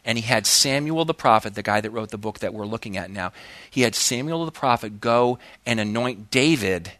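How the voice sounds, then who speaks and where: A man preaching a sermon in an animated way, with big rises in pitch and slow, emphatic phrases. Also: dry recording. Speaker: pastor.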